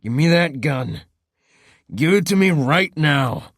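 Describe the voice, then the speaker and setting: A male narrator voicing a cruel, drawling male gang leader who talks with mocking, menacing calm. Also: a little high, slow, dry recording, clean studio sound.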